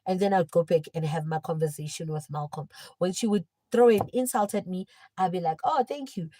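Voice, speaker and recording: A young woman livestreaming, telling a personal story in casual chat and swinging between hushed and loud. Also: on the low side, brisk, dry recording, rough recording.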